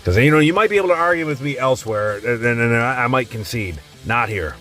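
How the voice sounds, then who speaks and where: Male host, middle pitch, foul-mouthed and rambling, delivering casual commentary over faint guitar. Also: expressive, fast talker, sharp tone. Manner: blunt, rambling, swears constantly. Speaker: tier list host.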